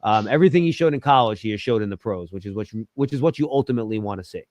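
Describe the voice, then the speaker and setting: A man appearing as a guest football analyst, answering in a measured, analytical way. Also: lowish voice, lively intonation, a little mellow, no room sound. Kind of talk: interview answers.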